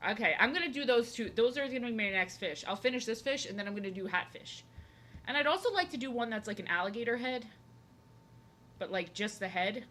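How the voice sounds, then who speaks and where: A woman's voice: on the high side, lively intonation, fairly quick, fairly bright tone, slight background noise. A woman chatting casually with her live stream viewers while she draws, rambling and filling her talk with "like". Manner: rambling, filler-heavy, talks to chat. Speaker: art streamer.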